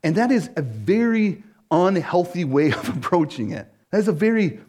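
A man preaching a casual sermon as a pastor, telling a personal story in an animated way, full of "like" and "right?". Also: high-pitched, moderate pace, husky. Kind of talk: conversational sermon.

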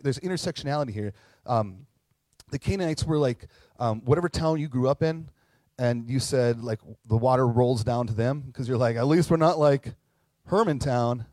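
A man's voice: medium pitch, warm tone, dry recording. A man in his forties giving a casual, conversational sermon as a pastor, acting out quotes and adding frequent asides. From Minnesota.

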